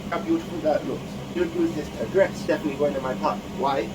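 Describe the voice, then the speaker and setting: A man joking his way through a casual cooking demo in his small home kitchen, deadpan and swearing freely. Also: fairly high pitch, fast talker. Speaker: home cook hosting a cooking video. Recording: loud fan noise in a small kitchen. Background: extractor fan hum.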